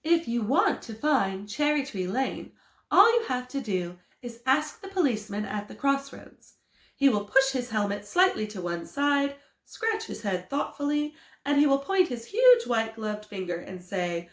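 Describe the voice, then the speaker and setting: A woman reading a storybook aloud to children as a theatre school storyteller, in an expressive, animated way. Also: on the high side, measured pace. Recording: roomy echo.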